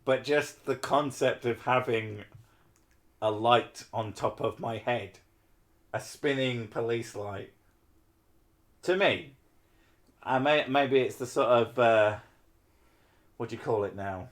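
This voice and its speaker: A man's voice: mid-range voice, slow pace, pauses often. Rambling casual male streamer. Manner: rambling, self-mocking, wandering asides. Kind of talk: casual live stream chat.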